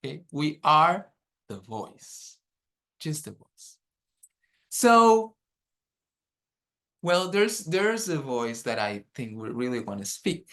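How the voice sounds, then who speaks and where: A man's voice: fairly high pitch, big pitch swings, a bit bright. A man teaching a dharma workshop over a video call, guiding the group through an exercise and checking in often. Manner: unhurried, checks in often with "okay?".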